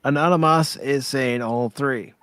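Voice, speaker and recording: An easygoing man hosts a casual pop culture stream, reading out viewer votes and often restarting his sentences. His voice sits at a middle pitch, recorded close and dry. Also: unhurried, fairly bright tone, smooth, no echo. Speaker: host of a pop culture livestream.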